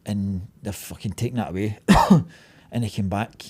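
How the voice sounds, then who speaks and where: A Scottish man hosting a podcast, telling stories in a sweary, animated way. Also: on the low side, moderate pace, breathy edge. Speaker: podcast host and business owner. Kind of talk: casual podcast chat. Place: podcast studio.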